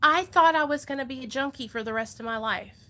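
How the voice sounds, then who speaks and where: A woman's voice: high voice, quick pace, bright, forceful tone. A young woman vlogger talking earnestly and emotionally to her viewers about recovery, in a chatty style full of "like" and "y'all". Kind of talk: casual heartfelt talk to viewers.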